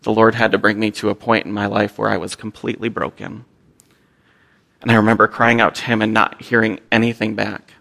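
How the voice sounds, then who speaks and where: A young missionary man tells his own story to a congregation, candid and earnest, with flashes of self-deprecating humor. His voice sits low, with a gravelly fry and a bright, forceful edge. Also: flat delivery, brisk. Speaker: missionary speaking to a church. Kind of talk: personal testimony talk.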